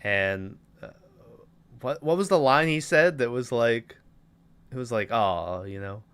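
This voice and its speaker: Young male podcast host, crisp and bright, loose profane recap with offhand character voices. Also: medium pitch, animated. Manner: loose, profane plot retelling with quick put-on character voices. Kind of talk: casual chat.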